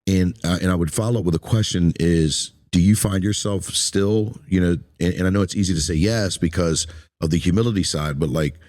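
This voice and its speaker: Deep-voiced man, emotional and halting. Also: darkish tone. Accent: Eastern Shore American. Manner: emotional, halting, repeats words, tearful at times. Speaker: podcast host. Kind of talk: emotional conversational interview.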